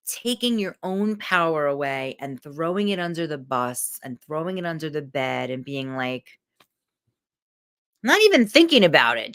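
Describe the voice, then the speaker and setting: Animated, emotional woman coach. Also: medium pitch. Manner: emotional, candid, swears freely. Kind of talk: motivational talk to camera.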